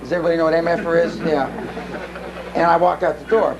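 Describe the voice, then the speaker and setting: A man's voice: on the high side, fairly even intonation, fast talker, noisy background. A man giving a live seminar talk, telling blunt, profane stories full of restarts. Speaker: seminar speaker. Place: seminar room.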